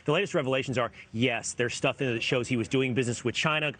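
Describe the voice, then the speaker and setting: A man co-hosting a news panel, delivering updates in a brisk, newsy way. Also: mid-range voice, fairly bright tone, a little hiss or hum. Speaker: news show co-host. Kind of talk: morning news panel talk.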